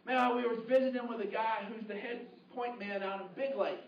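A man preaching a sermon as pastor, telling a story with lively, shouted bursts. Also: high-pitched, normal speed, slight background noise. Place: church hall. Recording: roomy, muffled, distant hall audio.

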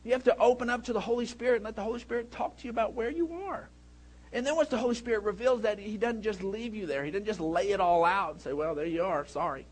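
A man in his thirties, a pastor preaching a sermon with animated storytelling, who breaks into shouts when he acts out a scene. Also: high voice, fast.

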